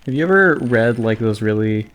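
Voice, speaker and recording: A man's voice: mid-range voice, lively intonation, normal speed, a bit bright, a little hiss or hum. A man co-hosting a casual gaming video, rambling and restarting his sentences. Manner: rambling, hesitant, full of restarts. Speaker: co-host.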